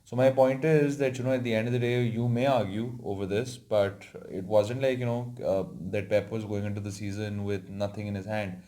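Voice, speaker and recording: A man with a lowish, warm, dark voice talks football on a casual panel. He hesitates often and leans on "you know" fillers as he builds his point. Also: flat delivery, a little fast, hardly any pauses. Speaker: football pundit.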